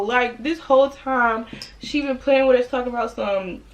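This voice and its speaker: A young woman from the Washington DC area chatting while doing her makeup, telling stories in an animated way and putting on playful voices. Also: a little high, a little slow. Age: young adult. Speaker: beauty vlogger. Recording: noisy home recording.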